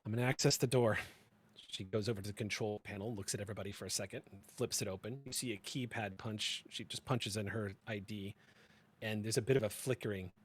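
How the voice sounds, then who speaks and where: A man's voice: fairly low pitch, fast, slight background noise. A man narrating a science-fiction tabletop game as its game master. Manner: steady descriptive narration.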